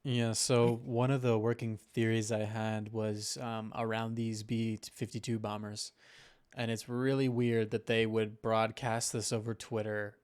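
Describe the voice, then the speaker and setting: A man's voice: lowish voice, level tone, a little slow, a little mellow, smooth. A man hosting a podcast, chatting casually and rambling through theories with lots of hedging. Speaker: podcast host. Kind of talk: casual conspiracy-minded chat.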